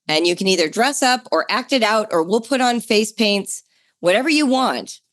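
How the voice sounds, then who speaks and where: A middle-aged woman hosting a homeschooling podcast, talking in a chatty, enthusiastic way that jumps higher for emphasis. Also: animated, normal speed, fairly bright tone. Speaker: podcast host.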